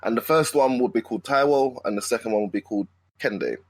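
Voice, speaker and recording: A man's voice: mid-range voice, fast talker, slightly rough, no room sound. A man co-hosting a podcast in an easygoing chat, full of slang and friendly "mate"s. His voice sounds dry and close, with no room sound around it. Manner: relaxed, slangy, says "mate" a lot. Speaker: podcast co-host. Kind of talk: casual chat.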